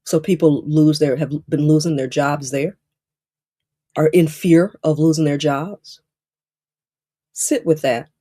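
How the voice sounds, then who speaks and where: A woman's voice: low-pitched, steady tone, measured pace, warm tone, dry recording. Emphatic, preachy woman coach, dry sound. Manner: preachy, emphatic, repeats phrases. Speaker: career coach. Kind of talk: live-stream coaching talk.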